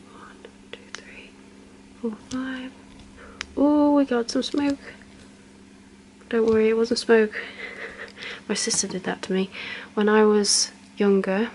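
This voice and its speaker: Slow whispering young woman, ASMR role-play. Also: mid-range voice, a little hiss or hum, rough recording. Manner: soft whisper with chatty asides, counting slowly. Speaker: ASMR creator.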